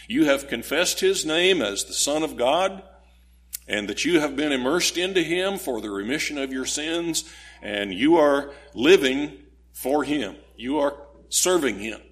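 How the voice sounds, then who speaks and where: A man's voice: on the high side, expressive, measured pace. A man preaching a sermon, explaining scripture in an earnest, teaching way and posing rhetorical questions to his listeners.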